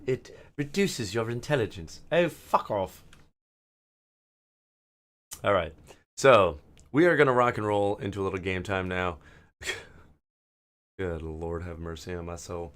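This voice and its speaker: A man hosting a gaming channel, rambling and ranting with frequent swearing while he starts a match; his throat is hoarse. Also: low-pitched, a bit bright. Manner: profane, ranting, digressive.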